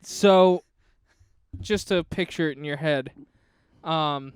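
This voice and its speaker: A man's voice: a little high, slow, smooth, no room sound. A young man co-hosting a podcast in casual chat, playful and teasing as he jumps in with bits. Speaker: podcast co-host.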